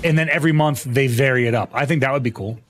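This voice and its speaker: A man's voice: mid-range voice, fast. A young American man chatting casually on a gaming livestream, rambling and profane as he tells stories and greets viewers. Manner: rambling, profane, animated storytelling. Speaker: streamer.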